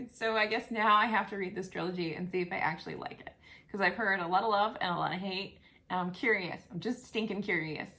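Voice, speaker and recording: A woman's voice: mid-range voice, sharp tone. A woman chatting casually and rambling a little as she shows off books on her vlog, self-deprecating and talkative. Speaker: book vlogger. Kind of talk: casual book haul chat. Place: home, at a table of books.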